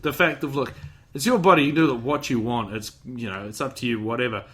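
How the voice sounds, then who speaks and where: A man's voice: medium pitch, fairly quick, a bit bright. A man hosting a podcast in casual chat, rambling with lots of restarts, buzzing on caffeine. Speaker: podcast host.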